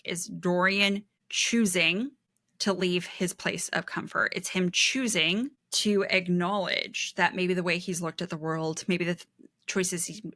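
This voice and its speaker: A woman co-hosting a book podcast, explaining themes in a measured way and reading quotes aloud. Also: lowish voice, sharp tone, dry recording, clean studio sound. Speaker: podcast co-host. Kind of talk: casual book discussion.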